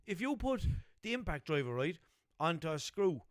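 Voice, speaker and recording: A man's voice: fairly high pitch, sing-song, moderate pace, dry recording, studio quality. A man with a Limerick Irish accent, hosting a podcast as a casual chat and telling stories with plenty of swearing. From Limerick, Ireland. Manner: swears freely, tells stories with impressions. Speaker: podcast host.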